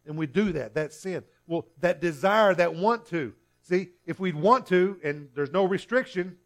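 A man's voice: sits high, normal speed, hardly any pauses, faint music behind. A male pastor preaching a sermon earnestly, often restarting and repeating himself.

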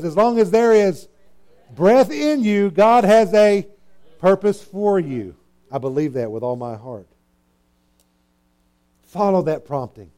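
Earnest preaching man, mellow voice. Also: sits high. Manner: earnest, emphatic preaching with repetitions. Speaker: pastor. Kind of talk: sermon.

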